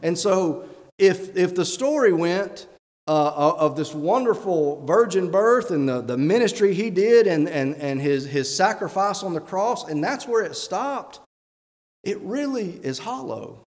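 A man's voice: high-pitched, animated, unhurried, darkish tone. A man, a church elder, preaching a sermon with emphatic rhetorical questions and reading scripture aloud. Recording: long hall reverb.

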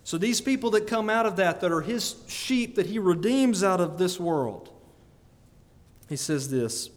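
A man preaching a sermon, animated and often breaking into laughter between emphatic peaks. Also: high voice. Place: church sanctuary. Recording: long church reverb.

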